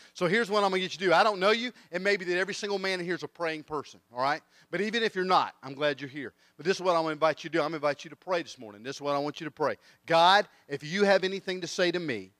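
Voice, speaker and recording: Middle-aged preacher, high-pitched, animated storyteller. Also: male voice, no echo, studio quality. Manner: animated storyteller, acts out voices. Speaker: guest preacher. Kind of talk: sermon with comic storytelling. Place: church.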